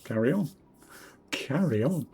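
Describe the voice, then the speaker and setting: A man in his forties from Northeast England with a southern English accent, streaming a game in casual commentary, rambling and self-deprecating, muttering quiet asides to himself. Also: medium pitch, animated, a little slow, gravelly, breathy edge. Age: 40s. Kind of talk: casual game commentary while reading chat.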